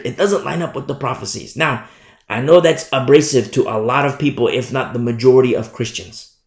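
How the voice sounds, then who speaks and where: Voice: medium pitch, reverberant. A preacher teaching a Bible study sermon in an emphatic, repetitive way, raising the voice to stress points.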